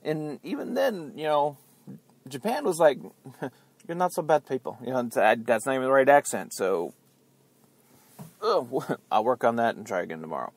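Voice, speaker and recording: A man's voice: medium pitch, sing-song, normal speed, pauses often, dry recording. A man hosting his own podcast with a rambling political rant, chatty and sarcastic, often laughing at his own jokes. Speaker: podcast host. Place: outdoors near beeping buses.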